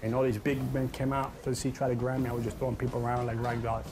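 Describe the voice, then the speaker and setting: A man's voice: medium pitch, flat delivery, very fast. Earnest man telling his testimony. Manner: earnest, dramatic storytelling. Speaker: testimony speaker. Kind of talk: personal testimony. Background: music.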